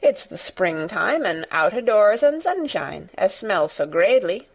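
A woman's voice: mid-range voice, sing-song, a little slow, breathy edge, full character voice. A woman doing a proud girl in put-on Yorkshire. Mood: triumphant. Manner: proud and playful. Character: spirited young girl trying out Yorkshire dialect.

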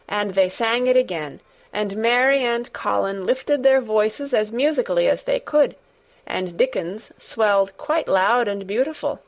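A woman narrating a classic storybook in a measured, gentle way. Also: mid-range voice. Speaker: audiobook narrator. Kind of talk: scripted narration.

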